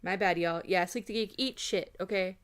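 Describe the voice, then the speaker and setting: A woman's voice: mid-range voice, normal speed, smooth. A woman streamer giving live commentary on clips, with blunt, profane, exasperated asides.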